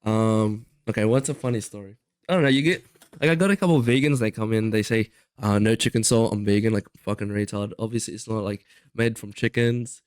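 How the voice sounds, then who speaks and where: A man's voice: on the low side, brisk, smooth. A young man talks casually on a podcast, rambling and restarting his sentences. The sound is dry, with little room echo. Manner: rambling, lots of fillers and restarts. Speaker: podcast co-host. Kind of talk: casual chat.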